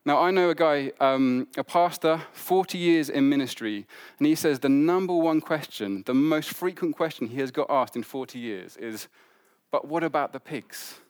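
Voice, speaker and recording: A man's voice: a little high, moderate pace, smooth. A man preaching a sermon, retelling a gospel story in a conversational way with asides and fillers.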